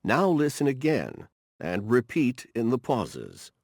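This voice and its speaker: A man narrating textbook exercises in a slow, instructional way, with a gravelly voice. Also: mid-range voice, wildly swooping pitch, darkish tone, dry recording, clean studio sound. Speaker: course narrator.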